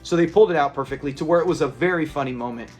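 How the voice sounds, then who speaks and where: A man's voice: fairly high pitch, very fast, darkish tone, soft background music. A man hosting a casual episode breakdown, retelling scenes in a chatty, rambling way with frequent restarts. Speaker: episode review host.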